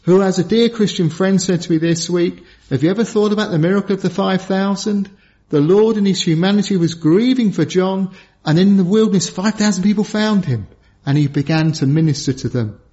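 Male preacher, high voice, pleading and earnest, muffled lo-fi sound. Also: brisk. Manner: earnest, pleading, drops low and soft for emphasis. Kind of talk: sermon. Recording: dull lo-fi sound.

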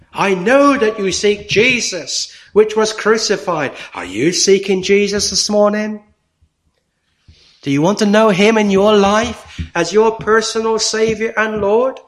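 A man preaching a sermon in a slow, deliberate way with emphatic pauses. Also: high-pitched, fairly bright tone.

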